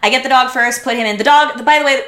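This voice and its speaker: A woman guest telling a story in casual chat, animated and full of restarts. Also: high voice, fast talker. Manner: animated, lots of restarts and quoted voices. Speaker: podcast guest. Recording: roomy echo.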